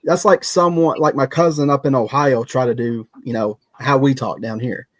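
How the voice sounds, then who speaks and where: A man with a Kentucky Southern accent hosting a casual round-table chat, talking in an animated, folksy, ranting way. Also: mid-range voice, moderate pace, no echo. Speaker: podcast host.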